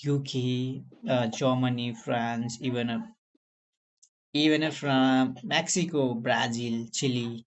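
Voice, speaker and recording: A man's voice: mid-range voice, fairly even intonation, slow. A man with an Indian accent, speaking English as a second language in a casual chat, earnest and encouraging, with non-native grammar. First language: not English.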